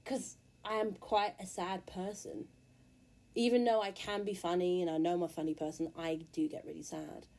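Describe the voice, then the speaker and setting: A woman's voice: on the low side, little pitch movement, normal speed, a little mellow. Blunt, candid British woman vlogging. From England. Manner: candid, blunt, earnest, swears freely. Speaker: musician and YouTuber. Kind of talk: casual monologue to camera.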